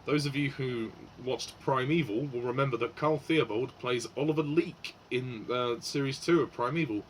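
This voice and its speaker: A man's voice: mid-range voice, normal speed, a little hiss or hum, poor audio. A man giving a casual spoken film review, hesitant, with many fillers and restarts.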